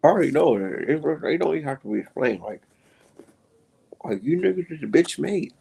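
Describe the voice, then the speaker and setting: A man hosting a live stream, ranting heatedly with lots of profanity and sudden jumps in pitch. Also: expressive, fairly quick, gravelly, dark tone, breathy edge.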